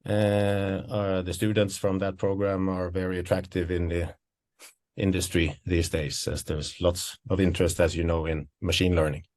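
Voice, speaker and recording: A man's voice: low-pitched, flat delivery, moderate pace, a little mellow. Breathless man presenting. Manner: explanatory, hesitant. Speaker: associate professor presenting programmes. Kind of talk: webinar presentation.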